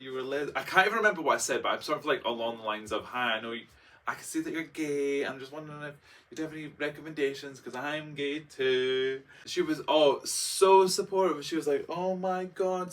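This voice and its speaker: Full of fillers and quotes he acts out, a young man's personal story unfolds in a dramatic, chatty vlog style. His voice is mid-range and a bit bright, picked up from a bit far from the mic.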